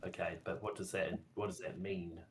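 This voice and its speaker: A man playing in a tabletop game, speaking in a measured, skeptical way. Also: sits low, level tone, a little hiss or hum. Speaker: player. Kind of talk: casual tabletop game chat.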